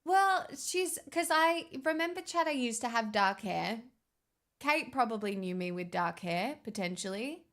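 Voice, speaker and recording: A woman's voice: on the high side, lively intonation, measured pace, fairly bright tone. A young woman streaming, chatting casually with her viewers in a sarcastic, bantering way. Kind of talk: casual livestream chat.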